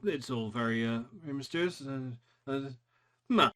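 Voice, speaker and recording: A man narrating a tabletop game as game master, halting with frequent ums. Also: medium pitch, a bit bright. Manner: hesitant, many ums and restarts.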